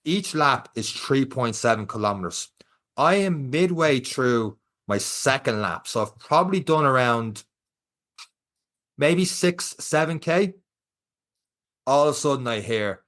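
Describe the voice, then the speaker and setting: A young Irish man co-hosting a podcast shares a race story in relaxed conversation. His mid-range voice keeps a measured pace, and he brings the tale to life by acting out what people said.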